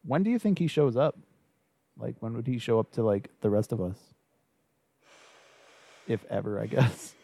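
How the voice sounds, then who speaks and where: A man's voice: medium pitch, lively intonation, normal speed, creaky, pauses often, warm tone. A man hosting a podcast, easygoing in a casual brainstorming chat, laughing often and asking his guest questions. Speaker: podcast host.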